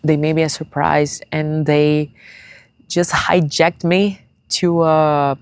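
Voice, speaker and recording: A young woman talking to her viewers in a tearful personal vlog, halting and searching for words in English, which is not her first language. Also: low-pitched, little pitch movement, darkish tone, clear, resonant tone, dry recording. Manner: confiding, speaks straight to viewers. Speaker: vlogger.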